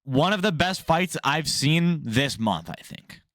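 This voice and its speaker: Blunt, ranting young man, fairly high voice. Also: measured pace, dry recording, studio quality. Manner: blunt, profane, animated ranting. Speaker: MMA news host. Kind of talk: casual opinionated commentary.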